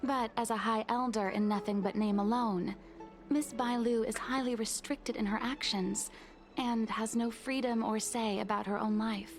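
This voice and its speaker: A woman's voice: a little high, steady tone, moderate pace, faint music behind, close to an everyday voice. An actress playing a formal, devoted maid who worries for her young mistress, speaking in earnest, pleading game dialogue. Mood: worried pleading.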